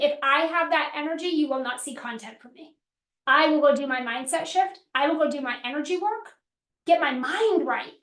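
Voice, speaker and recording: A woman's voice: high voice, fairly bright tone. A woman business coach teaching a live workshop, emphatic and repetitive, acting out pleading voices to make her point. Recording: roomy echo.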